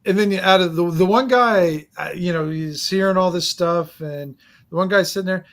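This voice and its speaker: A man narrating a tabletop game as game master, rambling and halting with lots of fillers. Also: high-pitched, a bit bright.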